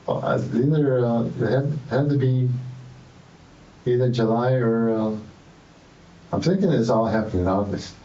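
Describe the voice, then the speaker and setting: A man's voice: mid-range voice, measured pace, pauses often, dark tone, echoey room, muffled recording, slight background noise. A man being questioned by police, rambling and repeating himself defensively. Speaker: suspect in police interrogation. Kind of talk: interrogation interview. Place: interrogation room.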